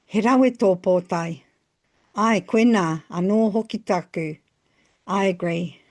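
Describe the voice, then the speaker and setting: A woman narrating a scripted language lesson, phrasing each example slowly and carefully. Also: medium pitch, darkish tone. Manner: slow, careful phrasing with pauses between examples. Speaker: language teacher.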